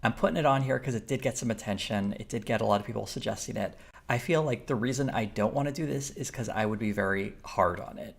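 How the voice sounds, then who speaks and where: Gravelly low-voiced male streamer. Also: fast. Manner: rambling, thinks aloud, with fillers and restarts while reading chat. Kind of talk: casual live-stream chat.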